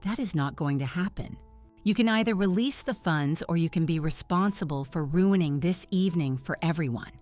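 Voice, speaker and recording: A woman voicing a cold, sneering mother with a sharp, demanding tone. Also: on the low side, moderate pace, soft background music, lightly acted.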